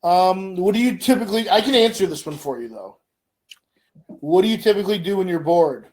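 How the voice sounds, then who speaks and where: A middle-aged man with a high-pitched voice speaks fairly quickly while co-hosting a casual podcast. He asks questions and recounts stories in an animated way, imitating voices.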